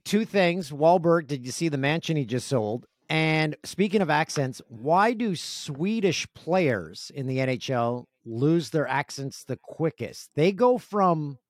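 A man's voice: fairly high pitch, lively intonation, unhurried, no echo. A man from Canada, a sports broadcaster guesting on a podcast, talking in joking, teasing banter. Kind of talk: casual interview chat.

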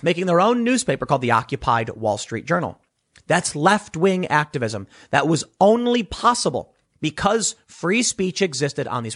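Animated, husky-voiced sarcastic male commentator. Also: a little high. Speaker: political commentator. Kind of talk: opinion monologue.

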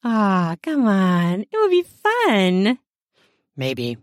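A woman's voice: medium pitch, animated, measured pace, a little mellow, no room sound, clean studio sound. A woman narrating a first-person adult romance audiobook in a playful, teasing way.

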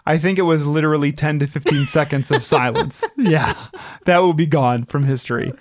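A woman's voice: deep voice, normal speed, darkish tone, slight background noise. A woman hosting a podcast in casual chat, talking in a chatty, self-mocking way and rambling through her guesses. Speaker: podcast host.

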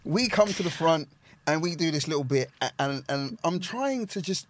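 Brief: man performer, animated storyteller, lively and slightly high pitch. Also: normal speed. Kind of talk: storytelling in casual chat.

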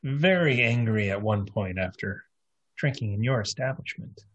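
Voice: mid-range voice, animated, normal speed, lo-fi sound. A player in a tabletop role-playing game, speaking playfully with laughing asides.

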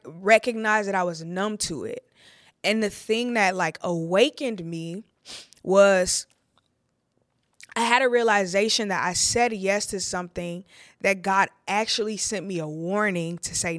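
Speaking at a medium pitch with a slightly bright tone, a young woman who preaches talks through her testimony on a podcast. She's candid, heartfelt and conversational, dropping "like" again and again. No room sound comes through, and the studio audio is clean.

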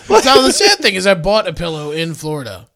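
Bright high-voiced sarcastic man. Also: huge pitch swings, fairly quick, creaky. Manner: sarcastic, exclamatory swearing. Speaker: podcast co-host. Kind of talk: casual comedy podcast chat.

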